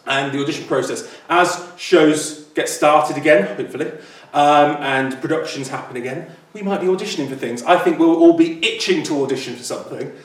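A man co-hosting a casual chat about theatre auditions, self-deprecating and quick to laugh. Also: fairly high pitch. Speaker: podcast co-host, theatre performer. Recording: echoey room, far from mic.

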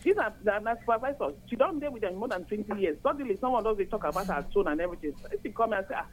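An older woman from Nigeria with a Nigerian accent, calling in to a radio chat and explaining at length, earnest and steady. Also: medium pitch, racing, a little hiss or hum. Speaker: caller.

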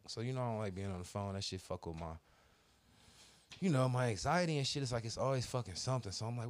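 A man's voice: low voice, expressive, fast talker, dry recording. A man co-hosting a podcast in casual chat, telling a story with heavy cursing and slang. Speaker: podcast co-host.

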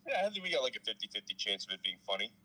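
A man's voice: fairly low pitch, big pitch swings, racing, pushed and bright, rough recording. A man co-hosting a podcast in casual chat, joking and teasing in a dry way. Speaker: podcast co-host.

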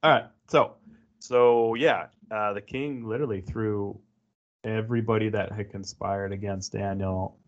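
A man with a low, gravelly voice chats loosely on a faith podcast, full of fillers and laughs. The recording sounds dull and lo-fi. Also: steady tone, a little slow. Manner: laughs often, filler-heavy chatter. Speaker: podcast co-host. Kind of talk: casual chat and Bible reading.

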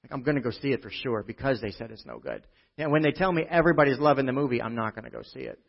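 A man preaching a sermon to a church congregation, chatty and full of rhetorical "right?" checks, dropping from loud emphasis to quiet asides. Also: medium pitch, lively intonation, very fast, creaky. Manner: conversational, with frequent rhetorical "right?". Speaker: pastor. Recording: dull, muffled lo-fi recording.

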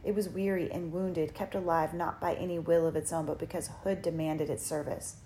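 A woman narrating a dark fantasy audiobook in a measured, dramatic storytelling manner. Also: low-pitched, flat delivery, slight background noise. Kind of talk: scripted narration.

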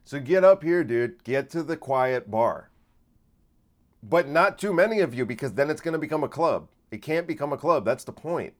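A man who hosts a podcast and does comedy, talking through a casual solo monologue that rambles, restarts often and swings between loud bursts and quiet asides. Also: on the high side, lively intonation, moderate pace.

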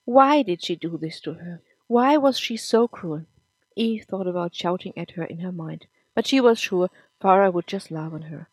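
A woman's voice: fairly low pitch, normal speed, husky, no echo. Woman narrating a story, dry and close. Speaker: podcast narrator. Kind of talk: scripted audiobook narration.

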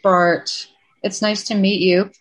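A woman facilitating a past-life regression, speaking in a calm, reassuring, gently guiding way. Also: mid-range voice, slow. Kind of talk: guided regression session.

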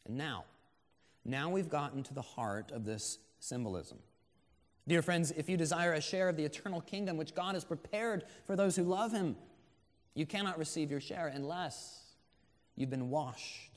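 A man's voice: fairly high pitch, animated, normal speed. A man preaching a sermon as pastor, earnest and conversational, rising to emphatic swells. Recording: long hall reverb.

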